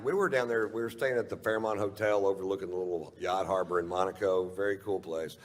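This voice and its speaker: Low-voiced profane stand-up storyteller. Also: male voice, fairly even intonation, quick pace, few pauses, long reverb tail, slight background noise. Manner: profane, rambling, chuckling at his own lines. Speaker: stand-up comedian.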